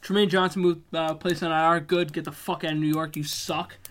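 A man's voice: on the high side, fairly quick. Profane laughing man in sports chat. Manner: laughs a lot, profane, excitable. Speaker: podcast co-host.

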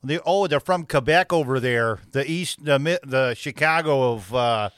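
Co-hosting a casual podcast, a man jokes around and laughs in a laid-back way. His mid-range voice is fairly bright, clear, and resonant at a moderate pace, captured in a dry, clean studio recording.

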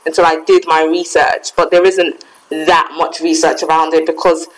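A young woman with a fairly low voice talks in a relaxed, reflective way. Her speech is loose and conversational, full of "like" and "um" as she works through her thoughts. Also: normal speed, rough recording. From Ghana heritage, raised in England. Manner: reflective, frequent "like" and "um" fillers. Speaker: podcast co-host. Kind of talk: casual chat.

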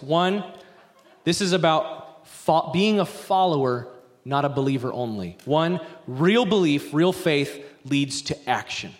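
A middle-aged pastor preaches to his congregation, telling a story in an animated, rambling way full of asides. His voice sits a bit high for a man. The sound rings out with a long reverb from the church sanctuary. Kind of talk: sermon.

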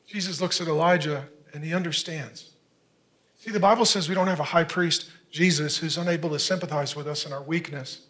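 A man in his fifties, a pastor preaching an earnest, conversational sermon with quick asides. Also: fairly high pitch, bright, forceful tone. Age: 50s.

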